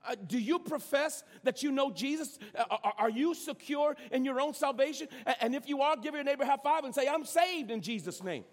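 High-voiced pastor preaching in a reverberant hall. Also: male voice, expressive, fairly quick, hardly any pauses. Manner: repeats words when starting a phrase. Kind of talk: sermon. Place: large church sanctuary.

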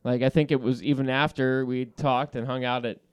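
This podcast host talks fairly quickly in a medium-pitched, clear, resonant voice, recorded dry with clean studio sound. Amid casual banter, he tells a heated story with lots of swearing and laughter.

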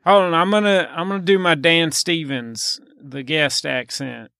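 A man's voice: on the high side, fairly even intonation, a little slow, vocal fry, bright, forceful tone, clean tone, dry recording, studio quality. A man co-hosting a comedy podcast, playful and wisecracking. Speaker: podcast co-host.

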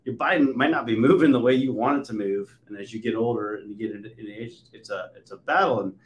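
A man in his forties hosting a podcast, telling stories with animated swings between loud and soft. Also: on the low side, quick pace, dull audio. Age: 40s. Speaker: podcast host. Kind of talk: conversational interview. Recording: roomy echo.

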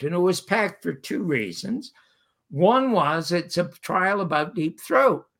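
An older man from Canada, an interview guest telling a long anecdote and acting out the voices of the people in it. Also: high voice. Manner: lively storyteller who acts out quoted voices. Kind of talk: anecdotal storytelling.

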